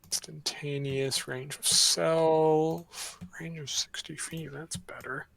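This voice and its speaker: A man running a tabletop game as game master, talking in a relaxed, rambling way with fillers. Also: fairly high pitch, slow, gravelly.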